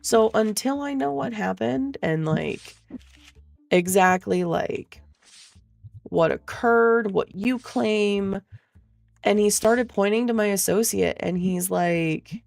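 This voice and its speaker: A woman's voice: mid-range voice, slow pace, gravelly, darkish tone, dry recording. A young woman streamer telling a rambling, swear-laden story in a casual way, full of fillers. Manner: profane, rambling, filler-heavy.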